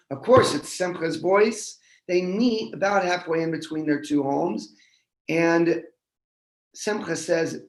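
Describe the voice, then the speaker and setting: Gravelly storyteller man in an echoey room. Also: fairly high pitch. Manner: relaxed, halting, many restarts. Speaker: storyteller at a synagogue service. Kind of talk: telling a folk tale. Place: synagogue.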